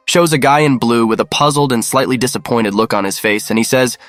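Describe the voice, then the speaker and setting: Male narrator, mid-pitched, even matter-of-fact read, dry close sound. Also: a little fast, hardly any pauses, no room sound, faint music behind. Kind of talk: scripted narration.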